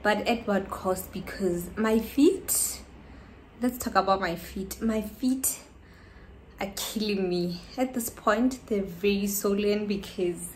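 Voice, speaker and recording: A woman from South Africa filming a casual haul vlog at home, tired and short of breath, chatty and excitable, sometimes dropping to a whisper. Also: mid-range voice, takes it slowly, slight background noise. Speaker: vlogger.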